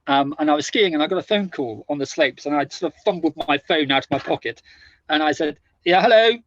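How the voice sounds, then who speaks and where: A middle-aged man from the United Kingdom, a podcast guest telling anecdotes in a halting way, often repeating and restarting words. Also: a little high, a bit bright, dull audio. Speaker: guest, author and former army officer. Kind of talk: casual conversational storytelling.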